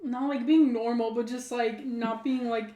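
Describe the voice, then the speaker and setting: A woman's voice: fairly high pitch, steady tone, unhurried, warm tone. A woman co-hosting a podcast in casual chat, laughing often and trailing off into filler words. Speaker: podcast co-host. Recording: echoey room with faint noise.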